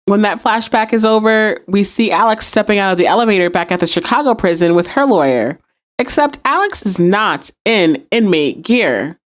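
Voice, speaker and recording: A woman's voice: mid-range voice, expressive, moderate pace. A woman hosting a podcast, recapping and reviewing a TV episode and acting out quoted lines. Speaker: podcast host.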